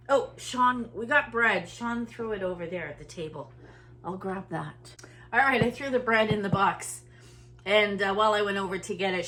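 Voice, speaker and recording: A woman's voice: medium pitch, fairly bright tone. A middle-aged woman from Canada, a vlogger chatting casually at home as she unpacks groceries and thinks aloud. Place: home kitchen.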